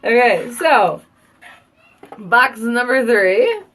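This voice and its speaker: A woman's voice: fairly high pitch, expressive, drawn-out words, fairly bright tone. A woman and mother chatting casually at home in a live beauty product review, rambling and gushing. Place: at home, children heard downstairs.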